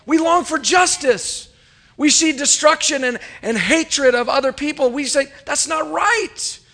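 Preaching to his congregation, an American pastor tells a story and puts questions to them. His very high voice is pushed and bright, moving at a measured pace with a preacherly rise and fall.

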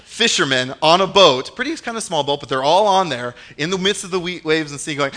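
Lively joking young man preaching. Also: a little high, brisk, hardly any pauses. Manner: animated and joking, acts out scenes. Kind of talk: casual youth-style sermon with Bible reading.

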